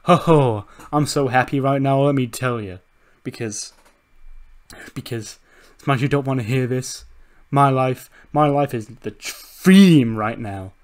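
A man putting on a boisterous male wrestler who whoops and shouts over the top on the mic. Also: medium pitch, extremely slow, long pauses. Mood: ecstatic.

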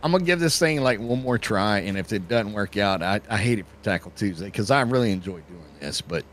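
A man chats during a multiplayer game, starting and restarting his sentences. His voice swings widely up and down in pitch. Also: animated, fairly quick, fairly bright tone. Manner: hesitant, stammering. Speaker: co-player. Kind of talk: casual gaming chat.

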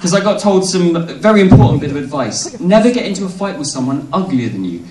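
A young man performing a cheeky stand-up comedy set, with quick asides to the crowd. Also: on the high side, sing-song, background noise. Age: young adult. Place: large hall on stage. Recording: echoey hall from far off, loud crowd laughter.

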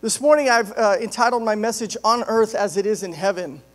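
Male pastor with a high voice, joking and chatty from the pulpit. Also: a little fast. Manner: joking, conversational storytelling. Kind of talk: sermon.

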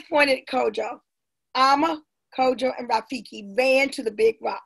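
Lively woman reading a children's story. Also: fairly high pitch, a little slow, vocal fry, husky. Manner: lively, addresses the listening children directly. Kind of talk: reading a children's picture book aloud.

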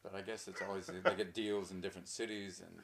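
A man in his sixties, a guest in a casual interview, rambling and joking, slipping into quick little voices as he tells stories. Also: low-pitched, flat delivery, gravelly. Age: 60s.

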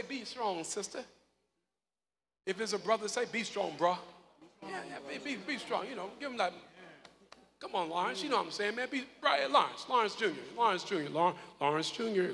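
A male pastor preaching a live sermon, calling on congregation members by name and breaking into loud shouts. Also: sits high, gravelly. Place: large church hall. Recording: live in a reverberant hall with congregation.

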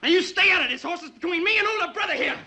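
An actor playing a cocky, hot-headed youngest brother with a brash, teasing manner in a 1950s TV western. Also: male voice, mid-range voice, fast, noisy background, natural voice. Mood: defiant. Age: young adult. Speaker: youngest ranch son.

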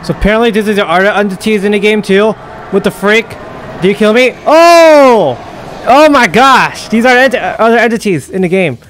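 A man giving excitable let's play commentary, yelping and exclaiming at scares. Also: sits high, normal speed, a little hiss or hum. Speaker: gaming YouTuber.

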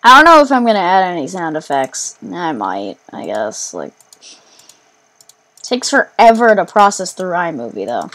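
A woman giving let's play commentary while gaming, excitable, rambling and quick to mock herself. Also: on the low side. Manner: excitable, self-mocking, rambling. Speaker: gamer.

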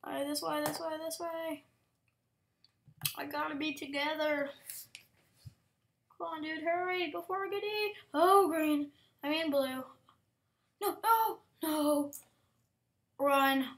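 A woman giving casual gaming commentary, excitable, with frequent exclamations and whispered asides. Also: high-pitched, takes it slowly, pauses often. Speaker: gameplay commentator.

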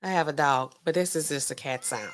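A woman's voice: deep voice, brisk, soft background music. A woman pharmacist hosting a casual livestream, chatting loosely with features, reading out viewers' comments, laughing often and reacting with big swings in her voice. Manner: chatty, animated, laughs often, talks back to chat.

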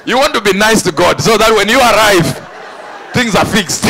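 Preacher, male, high and very lively, bright tone, laughs and shouts through the sermon. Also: moderate pace, vocal fry. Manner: animated, laughing, bursts into shouts. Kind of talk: energetic sermon.

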